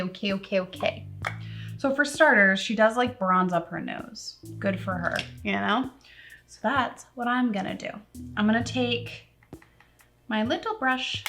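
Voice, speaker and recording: A young woman talks her viewers through a makeup tutorial in a loose, rambling way, poking fun at herself as she works. Her pitch sits in an ordinary middle range. Soft music plays faintly underneath. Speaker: makeup vlogger. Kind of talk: casual chatty makeup tutorial. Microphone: camera on a tripod.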